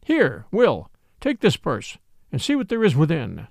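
A cocky, merry outlaw chief from a storybook reading, as a male narrator puts him on, raised and teasing in a lively, swinging voice. The tone is gravelly, with a dry, close sound. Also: a little high, unhurried, dry recording, full character voice. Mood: jaunty. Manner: jaunty, teasing, old-fashioned speech. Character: bold merry outlaw leader, grown man, cheeky.

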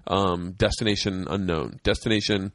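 A man's voice: deep voice, steady tone, normal speed, fairly bright tone, no room sound. A young man and stand-up comic telling a wild story in casual, profane chat, acting out the voices. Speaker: podcast guest, stand-up comedian.

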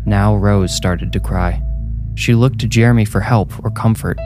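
Man telling a creepy bedtime story, deep-ish voice, music playing under him. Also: fairly even intonation, normal speed. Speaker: horror story narrator. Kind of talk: scripted horror narration. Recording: narration over loud music.

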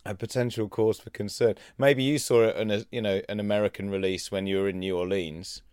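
A man's voice: on the low side, fairly even intonation, brisk, a little mellow, smooth, dry recording. A man, recorded dry and close. He hosts a comedy podcast and teases his guest with playful what-if riffs, keeping the chat casual. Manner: playful, teasing, hypothetical riffs. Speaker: podcast host.

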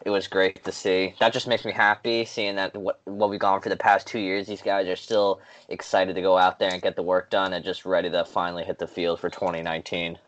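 A man's voice: low-pitched, level tone, brisk, few pauses, fairly bright tone, highs cut off. A man from Long Island with a New York accent, co-hosting a casual sports podcast in an upbeat way and reading notes aloud. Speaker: podcast co-host.

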